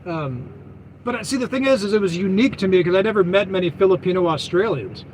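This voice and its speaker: A man's voice: sits high, animated, quick pace, darkish tone, a little hiss or hum, poor audio. A man vlogging as a trucker, chatting loosely with viewers, full of fillers, restarts and lost trains of thought. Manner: meandering, loses his thread, heavy fillers and self-corrections. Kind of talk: rambling casual live chat.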